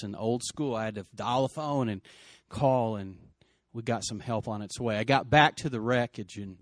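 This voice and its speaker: A man's voice: medium pitch, no echo. Middle-aged man, earnest personal storyteller, swings from urgent bursts to near-whispers, close and dry sound. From West Texas. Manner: earnest, emotional, quick surges and hushed drops.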